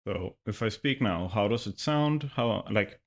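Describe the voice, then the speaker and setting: A man's voice: fairly low pitch, lively intonation, measured pace. A man with a slight lisp, a streamer testing his microphone on a livestream and muttering to himself as he adjusts settings. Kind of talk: livestream mic check.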